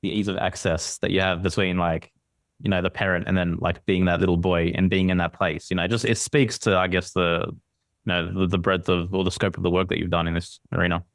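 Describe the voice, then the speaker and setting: A man's voice: low-pitched, flat delivery, fairly quick, dry recording, studio quality. A male podcast host on a remote call, praising his guest and searching for words with fillers. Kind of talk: casual interview chat.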